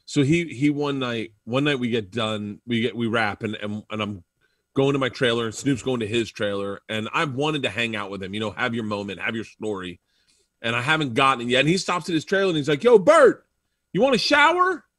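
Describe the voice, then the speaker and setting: A male comedian guest telling stories in an interview, animated and acting out quoted lines. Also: medium pitch, brisk, no echo, studio quality. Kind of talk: storytelling in an interview.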